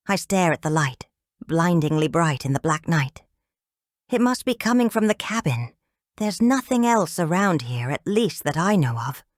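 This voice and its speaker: Calm woman reading an audiobook. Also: deep voice, no echo, studio quality. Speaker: audiobook narrator. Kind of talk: first-person audiobook narration.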